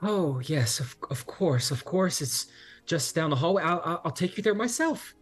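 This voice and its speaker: A man's voice: lively intonation, moderate pace, husky, faint music behind. A man voicing a gushing, devout middle-aged woman hostess who talks in flustered, apologetic bursts. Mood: eager. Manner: fluttery, apologetic, rising into high exclaims.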